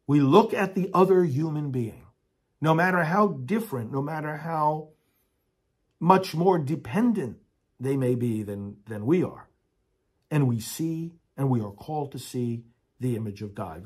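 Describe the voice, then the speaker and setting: A man's voice: medium pitch, darkish tone, husky. A man preaching a sermon with earnest emphasis, then leading prayers aloud as a priest.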